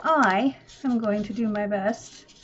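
A woman's voice: medium pitch, slow. A woman chatting in a rambling, self-deprecating way while working on mixed media art. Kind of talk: rambling casual craft vlog. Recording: muffled lo-fi with faint room hiss.

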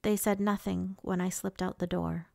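A woman narrating a first-person audiobook in a measured, steady way. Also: fairly low pitch, creaky, no echo, clean studio sound.

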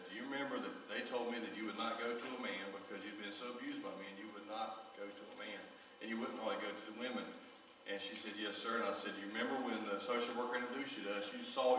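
A pastor preaching a sermon, telling a personal story with emotion, his voice often dropping low and soft. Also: fairly even intonation, fast, slight background noise. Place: large church sanctuary. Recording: echoey church hall recorded from far off.

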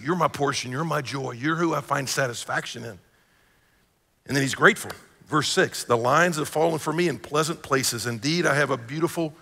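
Animated pastor in a reverberant hall. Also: male voice, on the high side, creaky, breathy edge. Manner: animated storytelling with acted-out quotes. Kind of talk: sermon. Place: church sanctuary. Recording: live church hall reverb.

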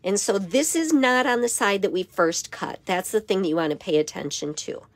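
A hoarse woman with a raspy voice giving a step-by-step papercraft tutorial in her craft studio. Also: medium pitch, normal speed, dry recording. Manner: step-by-step instruction with frequent okays. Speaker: papercraft demonstrator.

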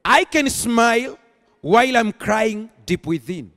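A man preaching a sermon as pastor, rising into emphatic bursts and slowing to stress key phrases. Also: very high voice, lively intonation, fairly bright tone. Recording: long hall reverb.

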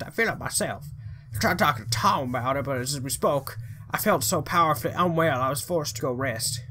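A man's voice: a little high, sharp tone, slight background noise. A man voicing an uneasy husband writing a letter to his wife, read aloud in a put-on accent.

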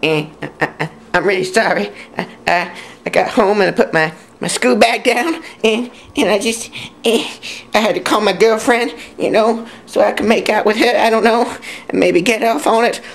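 A woman playing an awkward teenage son in an amateur comedy sketch, stammering and halting through every line. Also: mid-range voice, vocal fry, lightly acted. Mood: sheepish.

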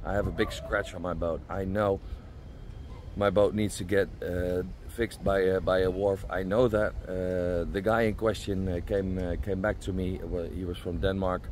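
Low-voiced man vlogging from his boat. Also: flat delivery, moderate pace, darkish tone, slight background noise. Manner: rambling, many fillers and restarts. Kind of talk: casual vlog talk to camera. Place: outdoors at a marina, on a boat.

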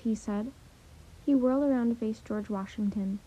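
A woman reading a children's chapter book aloud, narrating in a calm, gentle way. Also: fairly high pitch, normal speed. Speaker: storyteller. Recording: dull lo-fi audio.

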